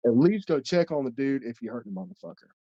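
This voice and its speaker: A man's voice: medium pitch, expressive, fast, dark tone, dry recording, muffled recording. A man hosting a podcast, telling a story in a casual, rambling way and swearing constantly. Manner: blunt, heavy swearing, rambling. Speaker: podcast host and wrestler.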